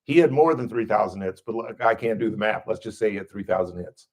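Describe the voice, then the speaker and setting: A man's voice: on the low side, expressive, fast. A man hosting a radio talk show, chatting casually and telling stories with enthusiasm. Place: radio studio.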